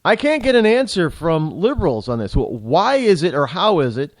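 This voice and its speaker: A man hosts a talk show and delivers a political commentary monologue. His voice sits high and swings widely as he rambles indignantly, stumbling over restarts and repeated words. The sound is dry, with no room echo. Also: sing-song, moderate pace.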